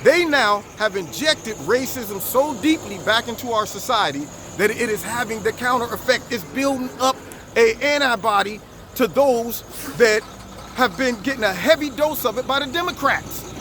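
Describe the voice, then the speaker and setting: A man hosting a vlog, giving an animated, preachy political monologue outdoors on camera. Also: extremely high pitch, moderate pace, noisy background. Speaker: vlog host. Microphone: camera recording himself.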